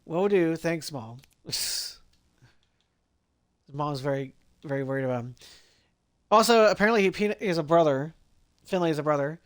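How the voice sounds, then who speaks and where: A man's voice: a little high, lively intonation, moderate pace, long pauses, clean tone. A man streaming a game live, reading its text aloud and reacting with laughs.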